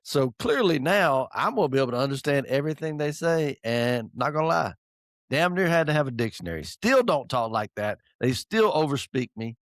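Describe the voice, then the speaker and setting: A middle-aged man, teasing and laughing through a casual podcast chat. His pitch swings widely, and the recording is close and dry with no room sound. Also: very animated, a little fast, no room sound. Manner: joking, teasing, laughs often. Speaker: podcast co-host.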